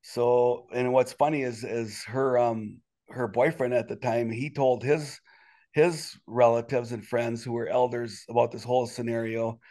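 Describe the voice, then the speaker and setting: A man telling a personal story as an interview guest in a casual, rambling way, with sudden indignant rises in his voice. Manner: animated, quick jumps in pitch when indignant; rambling with many restarts and "you know".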